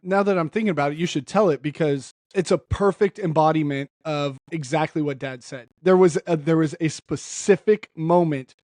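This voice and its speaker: A man's voice: on the high side, moderate pace, few pauses, darkish tone, no room sound. Teasing young man, dry close sound. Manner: teasing, joking. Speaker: guest, younger brother. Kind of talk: casual chat.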